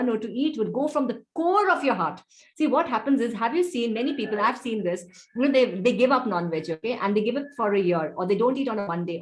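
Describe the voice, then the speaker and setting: A woman teaching a devotional scripture class over a video call, talking discursively with many "you know" asides. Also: on the high side.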